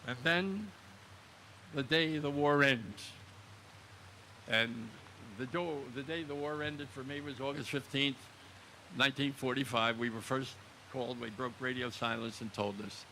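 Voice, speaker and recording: A man's voice: mid-range voice, pushed and bright, a little hiss or hum. A man in his nineties, a veteran speaking solemnly at an outdoor memorial ceremony, repeating words for emphasis. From United States. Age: 90s. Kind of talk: ceremonial public speech.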